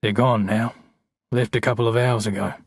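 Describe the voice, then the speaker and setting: A weary old man, guarded and plain-spoken, as a male reader puts him on. The voice is husky and dry. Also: mid-range voice, steady tone, normal speed, no echo. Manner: older, wearier voice.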